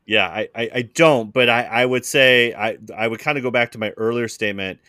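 A man's voice: mid-range voice, fairly even intonation, a little fast, sharp tone, no echo, studio quality. A man talking as a guest on a casual podcast, hesitant and repeating words as he starts.

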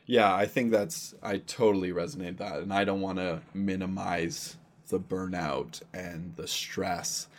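A man, a pastor, talking earnestly and casually in an interview. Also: low-pitched. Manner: earnest, conversational, thinks aloud.

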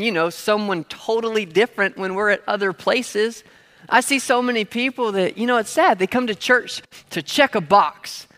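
Here a man with a high-pitched, sharp voice preaches as pastor. Conversational and playful, he uses everyday examples and has the crowd say key words back to him. The setting is a church hall, heard with a large hall's long reverb.

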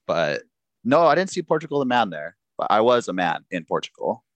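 A man with a low, deep voice tells a rambling travel story in a relaxed, chatty way. He is animated and laughs easily, and the sound is close and dry with no room in it. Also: fairly quick, no echo. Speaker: guest telling a travel story. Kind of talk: casual chat.

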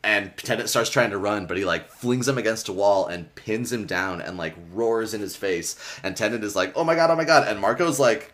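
Low-voiced man recapping a book, rambling. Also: moderate pace, few pauses, fairly bright tone. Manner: loose, rambling, many fillers, swears freely. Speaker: podcast host recapping a book. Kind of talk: casual chat.

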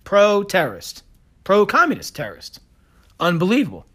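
Combative high-voiced man ranting. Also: wildly swooping pitch, a bit bright, breathy edge. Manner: combative, sarcastic, fast-talking. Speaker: podcast host. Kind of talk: opinionated solo podcast rant.

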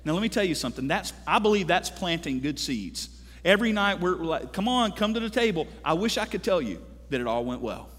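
A lively, high-pitched man preaches in a big church, his voice ringing with a long reverb off the hall. He is in his thirties, animated and joking, and keeps calling out to the congregation for an answer. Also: brisk. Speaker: pastor. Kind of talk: sermon.

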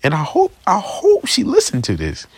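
A man's voice: high-pitched, wildly swooping pitch, normal speed, husky, dry recording, studio quality. A young man in a casual, slangy vlog rant, aggrieved and repetitive, often checking in with the listener. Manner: slangy, repetitive, aggrieved, keeps asking "you feel me". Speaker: vlogger. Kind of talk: casual straight-to-camera rant.

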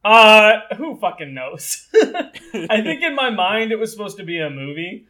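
Bright-voiced young man, casual podcast host. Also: high voice, unhurried. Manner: laughs often, plays characters flatly without accents. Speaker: podcast co-host reading his old script. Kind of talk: casual comedic chat and table read.

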